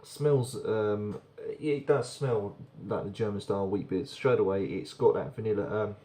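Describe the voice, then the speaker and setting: A man's voice: fairly low pitch, moderate pace, dark tone. A man casually reviewing a beer on camera, chatty and rambling, often repeating words as he goes.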